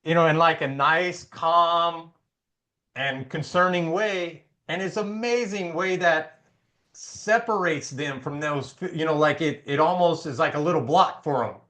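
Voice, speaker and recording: A man's voice: a little high, moderate pace, a bit bright. A man hosting a podcast, talking in a casual, chatty way and often falling back on fillers. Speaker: podcast host. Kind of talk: casual conversation.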